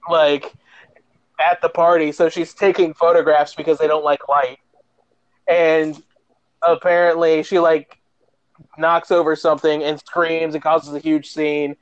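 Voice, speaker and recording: A man casually recapping a horror movie plot in a profane, animated way, acting out the characters as he goes. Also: a little high, a little slow, dry recording. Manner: profane, animated storyteller, acts out quotes. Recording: dull dry lo-fi sound.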